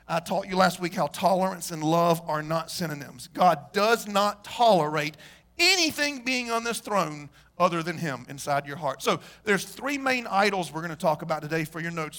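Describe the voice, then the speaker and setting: High-voiced man preaching emphatically. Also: a bit bright. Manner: emphatic preaching with repeated questions; clears throat often. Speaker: pastor. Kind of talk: sermon.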